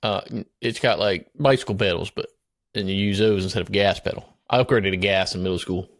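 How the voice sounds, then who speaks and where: A deep-voiced man talks briskly over a dry recording while improvising a comedy character. As an amused podcast guest, he plays a dim rural Southerner with an exaggerated accent, drawling, wandering off topic, and giggling to himself.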